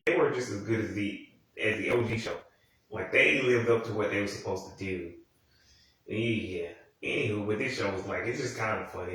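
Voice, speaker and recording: A man's voice: on the low side, fairly bright tone. A young man ranting casually about a TV show, profane and rambling, with sudden exasperated outbursts. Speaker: TV commentator. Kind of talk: casual rant commentary. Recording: very echoey room, voice from far off the mic.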